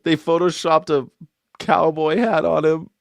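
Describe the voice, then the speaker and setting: A man's voice: fairly high pitch, fairly even intonation, measured pace, creaky, dry recording, clean studio sound. A man hosting a live news reaction show, sarcastic and profane, mocking what he plays. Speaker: host.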